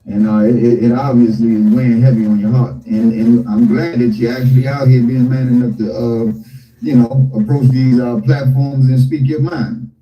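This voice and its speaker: Brief: hesitant male interviewer, mid-pitched, distant echoey muffled recording. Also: faint music behind. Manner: hesitant, halting, calm. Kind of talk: conversational interview.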